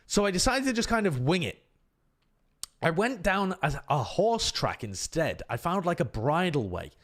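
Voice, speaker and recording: A man's voice: on the high side, moderate pace. A man, a streamer, telling an exasperated casual story and voicing the people in it. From United Kingdom. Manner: animated, exasperated anecdote with voiced quotes.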